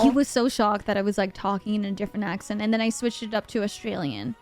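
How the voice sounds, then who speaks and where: A woman's voice: mid-range voice, fast talker, music in the background. A woman from Bahrain, over twenty-five, chatting animatedly to her live stream audience and acting out the voices in her story. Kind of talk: casual storytelling to a live chat.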